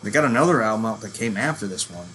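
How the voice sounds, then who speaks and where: A man's voice: on the low side, lively intonation, fast talker, a bit bright. A man in his thirties ranting casually about metal bands, profane and rambling, calling himself a working-class hillbilly. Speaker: metal channel host. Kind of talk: casual rant.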